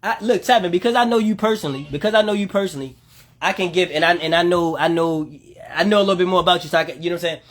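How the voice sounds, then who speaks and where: Ведущий прямого эфира, мужчина, горячо и напористо комментирует, постоянно обращаясь к зрителям. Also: male voice, high-pitched, racing. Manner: animated, emphatic ranting with repeated asides to the listener. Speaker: livestream host. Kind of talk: heated commentary to live viewers.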